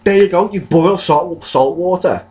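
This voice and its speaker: A man's voice: sits high, a little slow, dark tone. A man, co-hosting a podcast and rambling through jokey stories in casual chat. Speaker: podcast co-host.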